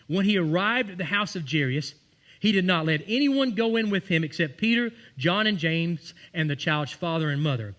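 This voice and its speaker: Pastor, male, high bright voice, acts out the people in his stories from the pulpit. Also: lively intonation, normal speed. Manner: storytelling, acting out quoted voices. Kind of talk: sermon. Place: church sanctuary.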